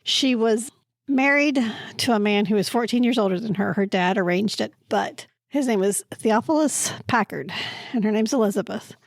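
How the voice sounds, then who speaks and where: Slow-talking woman podcaster, bright voice. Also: fairly high pitch, vocal fry, dry recording, clean studio sound. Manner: slow, searching for words, laughing at times. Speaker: podcast co-host presenting a book pick. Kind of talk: casual book discussion. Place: library recording room.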